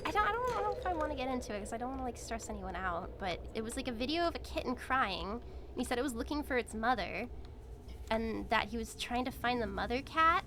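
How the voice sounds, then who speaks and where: A woman's voice: fairly high pitch, animated, brisk, background noise. A woman streamer chatting casually while she plays, blunt and profane, rambling with lots of fillers. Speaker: VTuber streamer.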